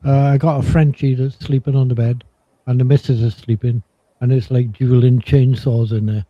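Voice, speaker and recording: A man's voice: mid-range voice, little pitch movement, normal speed, no echo. A man calling into a live stream from home, chatty and dry-humored, with some casual swearing. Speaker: stream guest. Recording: dry, lo-fi audio.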